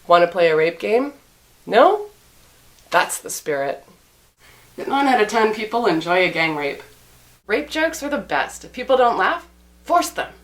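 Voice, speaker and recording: A woman host telling rapid-fire dark one-liner jokes in a deadpan delivery. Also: medium pitch.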